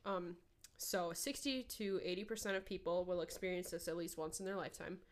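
A woman's voice: lowish voice, steady tone, a little fast. Woman, young adult, Minnesotan accent, casual podcast chat, rambling, salty, studio mic. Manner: rambling, profane, with many "like" fillers. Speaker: podcast co-host. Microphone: headphones and studio mic.

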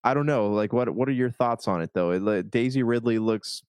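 A man's voice: medium pitch, brisk, darkish tone, clear, resonant tone, dry recording. A man in a casual movie chat, hesitant, restarting his sentences often. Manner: hesitant, lots of restarts and likes.

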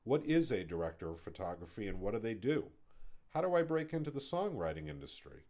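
A man's voice: mid-range voice, big pitch swings, fairly quick, a little mellow. A man who hosts a podcast, reading his own book aloud in a wry, dry storytelling manner full of rhetorical questions. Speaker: podcast host.

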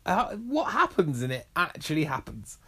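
A woman co-hosting a casual film podcast, dry and deadpan. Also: low voice, moderate pace, husky. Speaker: podcast co-host. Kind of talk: casual chat film review.

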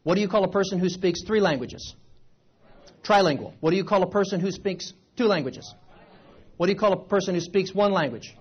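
A man from the United States giving an animated seminar talk to a live audience, with repeated phrases and rhetorical questions. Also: sits high, fairly quick, slightly rough, muffled recording. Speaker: seminar speaker. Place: event room with a live audience.

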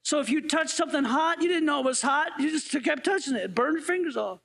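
A man with an unusually high voice and a gravelly edge delivers a sermon as a pastor. He keeps it conversational, tossing light questions out to his congregation as he goes. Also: lively intonation, fast, a bit bright. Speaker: interim pastor.

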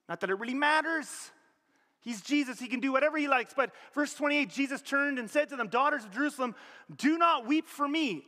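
Canadian guy preaching, high bright voice, jumps up and down in pitch and volume, big hall echo. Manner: animated, conversational preaching with sudden rises and drops in pitch and volume. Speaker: pastor. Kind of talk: sermon. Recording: long hall reverb.

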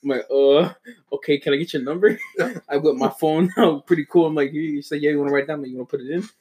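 A man's voice: fairly high pitch, steady tone, racing, a little mellow. A man telling a long, rambling story among friends, swearing a lot and mocking himself. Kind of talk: casual chat.

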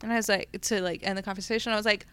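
A young woman with a smooth, clear voice chats on a podcast about her students. She is thoughtful and laughs easily. The sound is close and dry. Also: medium pitch, steady tone, rapid-fire, fairly bright tone, dry recording. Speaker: teacher, podcast co-host. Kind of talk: casual chat.

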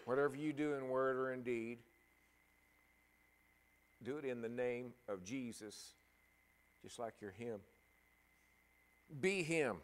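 A middle-aged man preaching a sermon and telling a personal story, halting and emotional, with many restarts. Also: mid-range voice.

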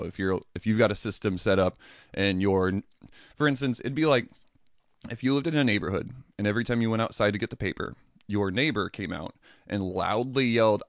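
Low-voiced man hosting a casual podcast. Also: no echo, studio quality. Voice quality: swears casually, laughs at own jokes. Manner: animated, acts out quoted people in mocking voices. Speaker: podcast host. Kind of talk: casual history podcast chat.

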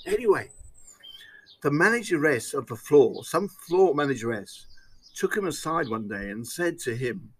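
Chatty male host telling a long story; lively, slightly high voice, laughs through lines. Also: moderate pace, husky, dry recording. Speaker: podcast host. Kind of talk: casual chat, anecdote.

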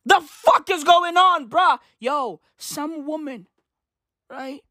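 A woman delivering a comedic rant to camera, loud and profane, with shouted bursts and slang asides. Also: high voice, slow, no room sound, studio quality. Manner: heavy use of slang asides. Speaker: commentator.

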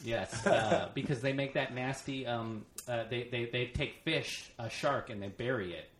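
Brief: male podcast host, casual chat, bright tone, roomy echo. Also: medium pitch, moderate pace, slight background noise. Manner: rambling storyteller, laughs easily. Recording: echoey room.

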